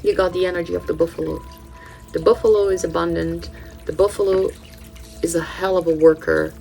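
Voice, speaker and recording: A woman's voice: on the low side, fairly even intonation, brisk, vocal fry, warm tone, soft background music, poor audio. A Brazilian-born woman in her thirties, a native Portuguese speaker with a mixed British and Californian English accent, chatting casually through an oracle card reading with many ums and restarts. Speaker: channel host, spiritual card reader.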